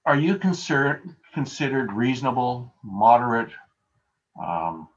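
Man preaching a relaxed sermon over a dull video call. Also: mid-range voice, a little slow. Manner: conversational, anecdotal, self-deprecating. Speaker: pastor.

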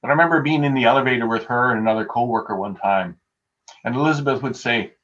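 A man delivering a sermon at a mid pitch, speaking in an easygoing, anecdotal way and poking fun at himself. The sound is muffled and lo-fi, like audio from a video call. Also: fast talker, fairly bright tone. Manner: conversational, anecdotal, self-deprecating. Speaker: pastor.

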